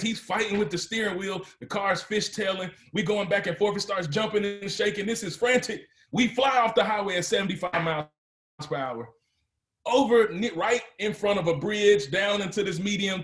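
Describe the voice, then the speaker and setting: A man's voice: high-pitched, a bit bright, echoey room. A man giving a motivational speech to a live audience, telling his story and building to emphatic, rising peaks. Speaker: motivational speaker.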